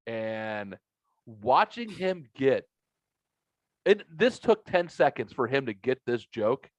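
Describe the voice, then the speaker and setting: A man's voice: medium pitch, takes it slowly, no echo. A man hosting a podcast, telling stories casually with lots of swearing and laughter, from a home man cave. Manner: profane, animated, laughing at his own stories. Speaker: podcast host. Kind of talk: casual storytelling chat. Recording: slightly muffled, dry recording.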